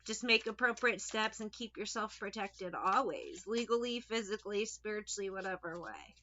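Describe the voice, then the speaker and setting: A woman's voice: medium pitch, normal speed, bright, forceful tone. A woman giving a casual tarot reading. She talks in a chatty, blunt way, swears now and then, and gives direct advice. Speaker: tarot reader. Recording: dull lo-fi recording.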